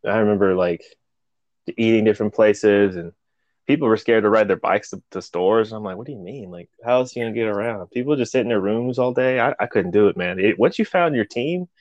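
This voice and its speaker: A man telling loud, profane stories from his military years in a casual chat, laughing often. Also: lowish voice, moderate pace, no echo, highs cut off.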